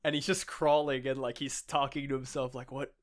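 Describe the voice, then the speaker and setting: A man co-hosting a podcast in casual chat, excitable and laughing often, swearing freely and acting out the lines he retells. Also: medium pitch, brisk. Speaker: podcast co-host.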